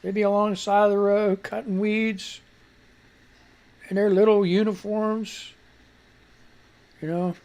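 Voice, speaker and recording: A man's voice: high voice, level tone, unhurried, pauses often, a little mellow. A man hosting a casual live radio talk show, rambling and swearing freely, congested and wheezing with a cough. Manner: rambling, profane, laid-back.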